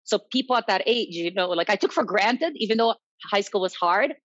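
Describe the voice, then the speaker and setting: Female guest, salsa instructor, animated storyteller; muffled, dry sound. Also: medium pitch, fairly quick, dry recording. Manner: animated, quotes others, tag questions "right?". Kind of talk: casual storytelling chat. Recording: dull lo-fi dry recording.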